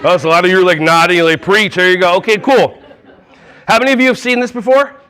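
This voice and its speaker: A man giving a lively, jokey talk at a conference hall on a wireless mic, often acting out little voices. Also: sits high, fast talker, clean tone, a faint crowd. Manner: playful, jokey, acts out voices. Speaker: conference speaker. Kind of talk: energetic live workshop talk.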